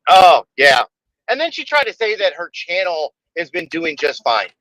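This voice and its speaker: Bright-voiced man ranting emphatically. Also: a little high, big pitch swings, normal speed, no echo, rough recording. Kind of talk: casual livestream chat.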